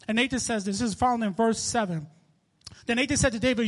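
A man with a New York accent delivers a church sermon in a very high voice. He reads scripture aloud and stumbles and restarts as he goes, then speaks personally to the congregation. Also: fairly quick. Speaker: minister.

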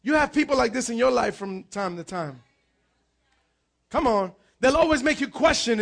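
High-pitched, gravelly pastor preaching loudly. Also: male voice, moderate pace. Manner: energetic preaching with frequent shouts and repeated words. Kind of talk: sermon.

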